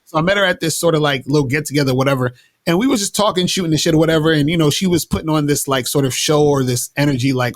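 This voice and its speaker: A man's voice: a little high, quick pace, dry recording. A man telling dating stories in a laid-back, slangy way with many restarts, speaking as an interview guest. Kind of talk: casual interview talk.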